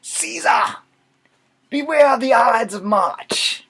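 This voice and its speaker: A man voicing an old male beggar who shouts his warning in a put-on accent, loud and drawn out. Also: extremely high pitch, lively intonation, takes it slowly, breathy edge, voice pushed up, exaggerated voice, poor audio. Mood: urgent warning.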